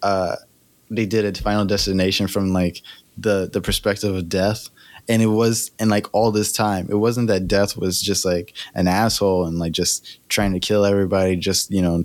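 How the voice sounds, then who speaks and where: A man's voice: low voice, little pitch movement, moderate pace, darkish tone, no room sound. Rambling, laughing podcast host, man. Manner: rambling, laughs often, many fillers. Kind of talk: casual chat.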